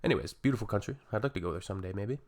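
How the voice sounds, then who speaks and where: A man's voice: lowish voice, expressive, racing, a little mellow. A Canadian man hosting a reaction video, commenting in a sarcastic, wry way.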